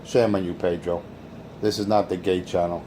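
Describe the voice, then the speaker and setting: A man's voice: low-pitched, fairly even intonation, normal speed, warm tone, slight background noise. A man hosting a crude, taunting radio rant. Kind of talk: insult-heavy radio rant.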